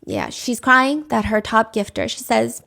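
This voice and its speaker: A woman's voice: fairly high pitch, huge pitch swings, a little slow, vocal fry, sharp tone. A woman narrating a true crime story in a chatty, opinionated, casual storytime way. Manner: chatty, opinionated, acts out quotes.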